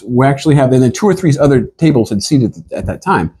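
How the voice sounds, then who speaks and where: Husky man telling a rambling comic story. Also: medium pitch, quick pace. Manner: rambling, animated, laughs through his story.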